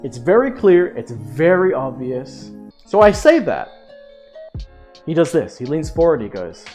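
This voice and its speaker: A young man streaming, telling a story to his chat in a casual, animated way, swearing and laughing. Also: fairly high pitch, moderate pace, faint music behind.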